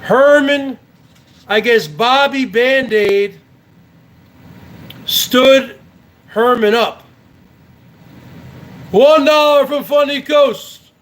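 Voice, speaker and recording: A man with a very high voice hosts a livestream and rants in an angry, profane way. He talks slowly and leans on sarcasm. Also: fairly bright tone, poor audio. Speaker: host. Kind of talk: ranting livestream commentary.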